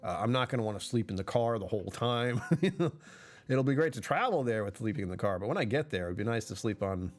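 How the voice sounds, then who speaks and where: A man's voice: lowish voice, expressive, a little fast, soft background music. A man chatting casually on a livestream, rambling and correcting himself, often laughing mid-sentence.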